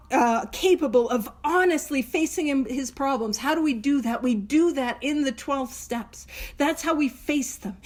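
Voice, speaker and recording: A woman's voice: sits high, darkish tone. A woman hosting a recovery book study, talking in an earnest, emphatic, self-deprecating way. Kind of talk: casual teaching talk.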